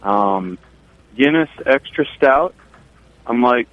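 A brewer calling in by phone, chatting casually and telling relaxed stories about his brewery. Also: mid-range voice, takes it slowly, no room sound. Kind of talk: casual radio chat. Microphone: phone line. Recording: tinny phone line.

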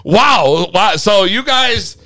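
Brief: podcast host, man, high and lively voice, laughs a lot, slangy, swears. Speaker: podcast host taking calls. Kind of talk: casual chat.

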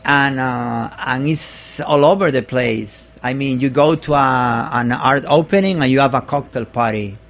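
A man speaking English as a second language, chatting as a guest, halting and repeating words as he searches for phrasing. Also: medium pitch, a bit bright. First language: not English. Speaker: guest artist. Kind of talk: casual interview chat.

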